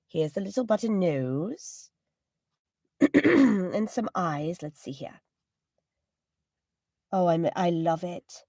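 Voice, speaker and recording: A woman's voice: medium pitch, dry recording, clean studio sound. A woman voice actor chatting politely with viewers on a livestream while she draws, with slightly formal wording and little laughs. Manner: chatty, with frequent little laughs and throat clearing. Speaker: voice actor hosting a livestream signing. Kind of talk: casual livestream chat.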